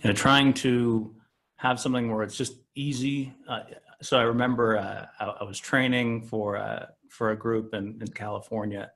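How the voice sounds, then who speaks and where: A man's voice: on the low side, flat delivery, moderate pace, creaky, fairly bright tone. A man co-hosting a podcast who chats in an easygoing, agreeable way and tells stories. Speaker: podcast co-host. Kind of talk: casual conversational chat.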